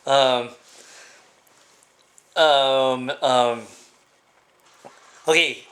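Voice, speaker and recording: A man vlogging in a casual monologue, rambling and halting with lots of fillers and restarts, giving blunt, opinionated rants. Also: mid-range voice, fairly even intonation, fairly bright tone.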